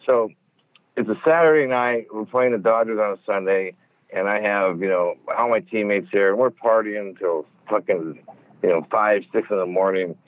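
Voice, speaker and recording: A man's voice: on the low side, normal speed. Profane, rambling man on a tinny phone line. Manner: profane, rambling, many fillers. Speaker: guest. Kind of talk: storytelling interview. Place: in a car.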